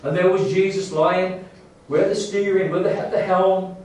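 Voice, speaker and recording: A man preaching a sermon in a church, halting with many restarts and rising to fervent emphasis. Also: sits high, fairly even intonation, a little mellow. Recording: echoey church hall, distant mic.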